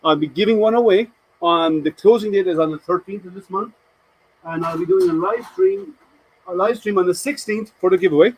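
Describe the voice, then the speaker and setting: A man's voice: high voice, lively intonation, fairly quick, slightly rough, rough recording. A man hosting a casual live stream, chatting to viewers and answering their comments with rambling, hesitant talk.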